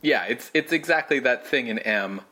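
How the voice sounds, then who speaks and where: A woman's voice: a bass voice, animated, moderate pace, music in the background. A woman co-host making dry, wry comments in a casual film discussion. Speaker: podcast co-host.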